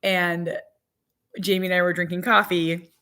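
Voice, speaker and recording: Casual mom vlogger, thirties, rambling and talkative into a phone at home. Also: female voice, fairly low pitch, level tone, unhurried, bright, forceful tone, clean tone. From Minnesota. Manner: chatty, rambling, talks to viewers and dog. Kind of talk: casual livestream chat. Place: home in winter.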